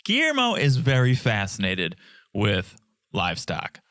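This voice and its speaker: A man's voice: lowish voice, huge pitch swings, unhurried, a bit bright, dry recording, clean studio sound. A man in his thirties from Connecticut, co-hosting a casual podcast chat in a playful, jokey way. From Connecticut, USA. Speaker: podcast co-host.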